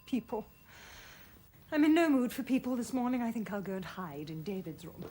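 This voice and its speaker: A languid, high-voiced society wife. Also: female voice, big pitch swings, normal speed, mellow, slight background noise. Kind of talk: 1990s televised period stage drama.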